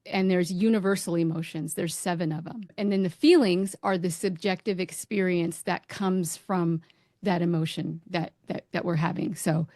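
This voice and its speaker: A woman of medium pitch takes the expert's role in a casual podcast talk. She explains concepts plainly and backs up the others with frequent agreement. The sound is dry and close, with no room echo. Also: fairly even intonation, normal speed, warm tone. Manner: explanatory, affirming with frequent yeahs. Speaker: expert guest, doctor. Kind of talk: casual chat.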